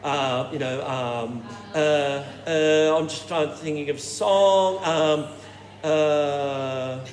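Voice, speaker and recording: A man leading a choir warm-up workshop, explaining technique and showing it with hums and falsetto sounds. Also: takes it slowly. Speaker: choir director. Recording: roomy hall with reverb and noise.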